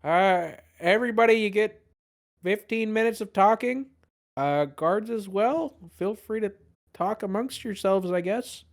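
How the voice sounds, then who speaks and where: Man doing a bossy pirate first mate, high raised voice, barking orders. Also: measured pace. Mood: flustered.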